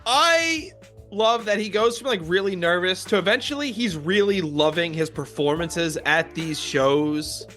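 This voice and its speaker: Podcast co-host, male, high and bright, chatty scene-by-scene recapper. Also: animated, unhurried, soft background music. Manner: recaps scenes with quoted lines and laughs. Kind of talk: casual movie discussion.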